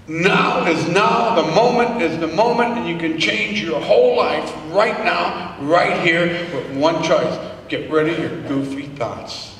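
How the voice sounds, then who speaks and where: A man's voice: high voice, a bit bright, a little hiss or hum. A man giving a motivational speech to a live audience, punchy and repetitive, with folksy slang. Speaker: motivational speaker. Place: large hall. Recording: echoey hall from far off.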